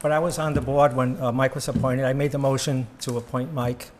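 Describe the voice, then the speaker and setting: A former board member giving heartfelt public comment at a town meeting, earnest and plain with frequent fillers. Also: male voice, mid-range voice, flat delivery, fairly quick, background noise.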